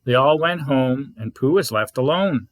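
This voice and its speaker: Scout leader reading a bedtime story, gentle and expressive, lively pitch, dry close sound. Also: male voice, a little slow, no echo.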